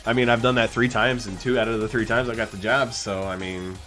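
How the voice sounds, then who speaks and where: A young man streaming live, chatting casually and acting out the people in his stories in a higher voice. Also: fairly quick, soft background music. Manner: animated storyteller, acts out quotes in a higher voice.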